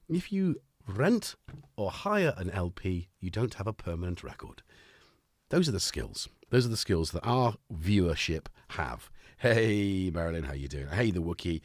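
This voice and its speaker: A man's voice: sits low, sing-song, a little slow, no room sound, clean studio sound. A man hosting a casual live stream, chatting and joking with viewers and greeting them by name.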